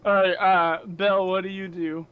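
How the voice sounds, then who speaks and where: A young man running a tabletop role-playing game, narrating scenes in a loose, chatty way with plenty of fillers. His voice sits high and sounds clean and smooth. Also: little pitch movement, measured pace, phone-quality sound. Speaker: game master.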